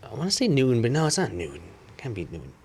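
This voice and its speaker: A man's voice: medium pitch, huge pitch swings, rapid-fire, a little mellow, breathy edge. A man co-hosting a casual podcast chat, rambling with lots of "like" and casual swearing. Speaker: podcast co-host.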